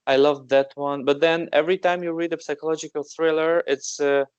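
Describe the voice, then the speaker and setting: A man's voice: a little high, steady tone, fairly quick, clear, resonant tone, no room sound, highs cut off. A man hosting a podcast interview, asking brief, curious questions. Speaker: podcast host. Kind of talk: casual interview chat.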